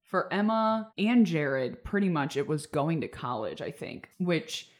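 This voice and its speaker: A woman's voice: deep voice, animated, measured pace. A woman in her twenties hosting a casual podcast conversation, chatty and reflective, laughing often as she talks. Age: 20s. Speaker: podcast host.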